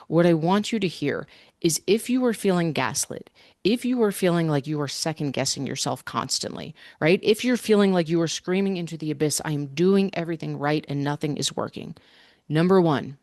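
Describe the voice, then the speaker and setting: A woman's voice: sits low, no room sound. Emphatic woman fitness coach, dry sound. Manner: energetic, emphatic, conversational with frequent "right?". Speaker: fitness coach and podcast host. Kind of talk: podcast monologue.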